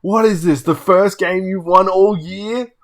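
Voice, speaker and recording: A man voicing a sulky, raging adult sore loser, ranting in a high, strained whine. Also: a little slow. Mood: furious. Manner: high, strained, whining rants.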